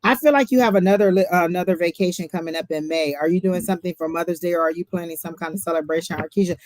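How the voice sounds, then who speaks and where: A woman's voice: lowish voice, rapid-fire, darkish tone, no echo. A woman hosting a casual live-stream tarot reading, talking in a chatty, emphatic way and often repeating herself. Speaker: tarot reader host.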